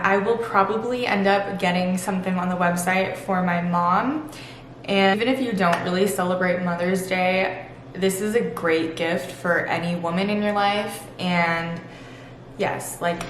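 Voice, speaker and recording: A woman's voice: medium pitch, fairly bright tone, a little hiss or hum. Gushing chatty woman vlogger, echoey room. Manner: gushing, chatty, lots of "super" and "literally". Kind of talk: casual sponsored vlog talk.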